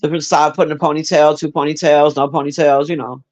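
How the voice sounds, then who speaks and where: A man streams and chats casually with his viewers, swearing freely, rambling with plenty of fillers, and answering chat by name. His voice is on the high side, level in tone, fast and a little mellow, heard through a muffled recording.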